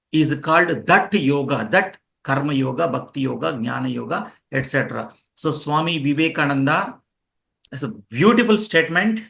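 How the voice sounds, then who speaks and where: A man lectures a class in a high, bright voice. He explains step by step, repeats key phrases and quizzes his students as they take notes. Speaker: yoga teacher.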